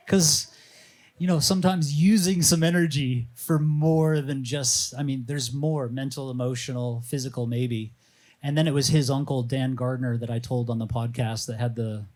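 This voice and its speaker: Speaking on a live panel at an open or outdoor venue, this man, a fasting coach, recounts stories with casual animation in a mid-range voice. He imitates the voices of those he quotes.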